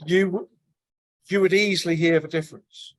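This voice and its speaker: A man's voice: high-pitched, steady tone, moderate pace, dry recording. A man with a working-class North London accent, chatting casually in a book club discussion, often restarting and searching for words. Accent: working-class North London English.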